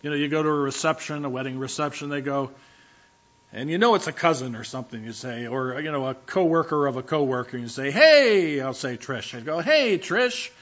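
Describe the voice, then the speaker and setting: A man's voice: medium pitch, fast talker, a bit bright. A man preaching a sermon as a pastor, talking conversationally with humorous, self-deprecating asides and frequent restarts. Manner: frequent restarts and filler words. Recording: dull lo-fi recording.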